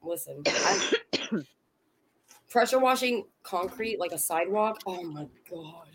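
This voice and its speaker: A woman in her thirties chats eagerly on a podcast, playful and quick to jump in. Her voice sits in a middle pitch, with a faint hiss behind it. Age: 30s. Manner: excitable, playful, talks over others. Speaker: podcast co-host. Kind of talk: casual podcast banter.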